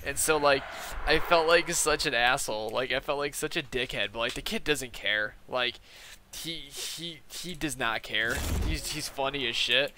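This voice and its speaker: A man's voice: mid-range voice, normal speed, noisy background. A young man casually telling a rambling, profane story over gameplay, filling his talk with "like". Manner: rambling, profane, filler-heavy "like". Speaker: gaming video host.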